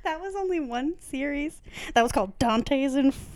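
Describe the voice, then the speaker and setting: A woman's voice: high-pitched, animated, moderate pace. A woman co-hosting a podcast, telling a rambling story with frequent giggles in casual chat. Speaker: podcast co-host.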